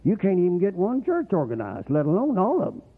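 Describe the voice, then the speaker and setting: A man preaching a folksy, rambling sermon as the pastor, getting excited and whooping at times. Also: sits high, fairly quick, breathy edge. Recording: tinny phone-like radio broadcast.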